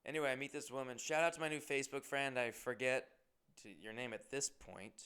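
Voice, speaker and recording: A man's voice: mid-range voice, steady tone, a little fast, pushed and bright, clean tone. A man hosting his own podcast, telling rambling, profane, self-deprecating stories in a casual monologue. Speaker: comedian and podcast host.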